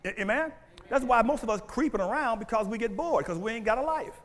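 A male pastor preaching a sermon in church on a mic, animated and full of call-and-response questions. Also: very high-pitched, fast talker, long reverb tail. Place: church sanctuary. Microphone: handheld or stand mic.

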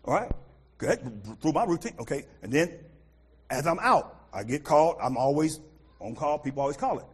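Middle-aged american guy preaching, kinda high voice, super lively pitch, loud bursts then quiet asides. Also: moderate pace, a little hiss or hum. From United States. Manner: animated, swings from loud outbursts to quiet asides. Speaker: pastor. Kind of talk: sermon.

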